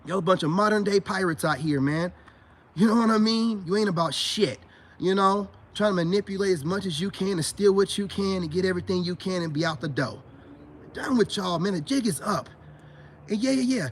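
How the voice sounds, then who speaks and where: A man's voice: sits high, fairly quick, a little hiss or hum. A man hosting a livestream, ranting casually and profanely while greeting chat viewers by name. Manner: profane, animated, repeats "you know what I'm saying". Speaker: livestream host.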